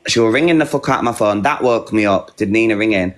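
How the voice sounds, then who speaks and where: A man's voice: lowish voice, quick pace. Blunt man telling a heated story. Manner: blunt, recounting quotes in a rush. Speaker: live stream host.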